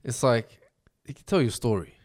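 A man's voice: mid-range voice, lively intonation, moderate pace, a little mellow. A man hosting a casual podcast chat, asking questions and making his point. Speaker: podcast host.

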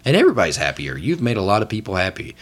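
A man's voice: fairly low pitch, huge pitch swings. A man narrating a tabletop game as game master, comic and profane, laughing often. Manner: laughs often, swears casually, slips into quick voices for passersby.

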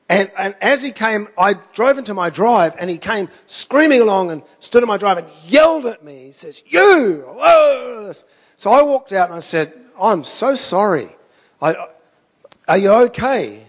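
A man's voice: on the high side, big-room sound. A man preaching a sermon, telling stories in a conversational way with self-deprecating asides. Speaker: pastor.

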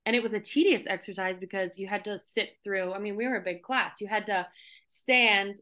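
This is a young woman speaking on a casual podcast interview. She tells her stories in an animated, emphatic way, with plenty of energy behind them. Her voice sits in a middle register. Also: mid-range voice, fairly quick. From Minnesota, USA. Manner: animated storyteller, lively and emphatic. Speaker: guest actor.

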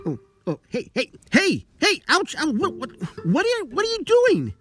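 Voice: high voice, huge pitch swings, moderate pace, fairly bright tone, exaggerated voice. A performer voicing a startled, flustered person woken in the night, protesting in an exasperated way, with light music behind. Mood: alarmed. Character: startled sleeper, flustered and indignant.

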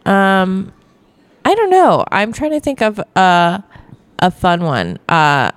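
A woman's voice: medium pitch, sing-song, takes it slowly, dry recording. A young adult woman comedian from Virginia, telling stories in a dry, self-deprecating way during a casual bar podcast chat. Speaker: guest comedian.

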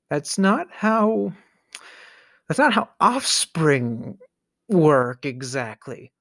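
A man delivering a scripted comedic rant, exasperated and sarcastic, sometimes dropping to a hushed whisper for emphasis. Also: fairly high pitch, a little slow, dry recording, studio quality. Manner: exasperated, sarcastic ranting with mock disbelief. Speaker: comedic monologue host.

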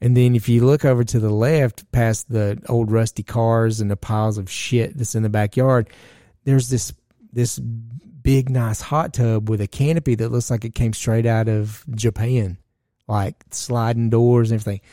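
A man's voice: mid-range voice, fairly even intonation, normal speed, dark tone, dry recording, studio quality. A man telling a rambling, profane story in casual chat, full of fillers and asides.

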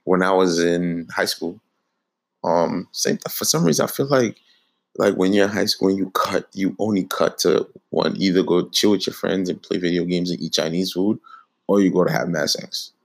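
A young man co-hosting a casual chat, teasing his co-host and telling his own story in relaxed slang. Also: low voice, moderate pace, creaky.

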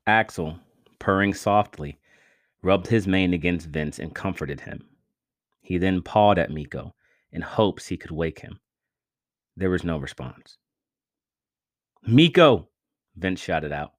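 Deep-voiced male narrator, dry close read, steady dramatic storytelling. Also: measured pace, dry recording.

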